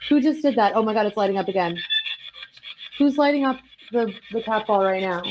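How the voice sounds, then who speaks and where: A woman's voice: medium pitch, animated, fairly quick, darkish tone, slight background noise, rough recording. A woman investigating the paranormal in a hotel, asking a spirit questions and reacting with gasps and emotion. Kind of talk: live ghost-hunt commentary. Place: hotel, indoors.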